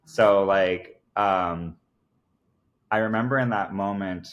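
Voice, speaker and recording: Speaking slowly in a low voice, a man on a podcast tells a personal story. He comes across earnest and emphatic, with frequent fillers like "like" and "I kid you not."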